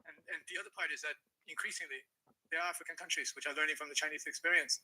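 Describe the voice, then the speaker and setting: A man's voice: a little high, steady tone, very fast, sharp tone, slightly rough, poor audio. A man speaking as an interview guest, earnestly explaining and telling anecdotes.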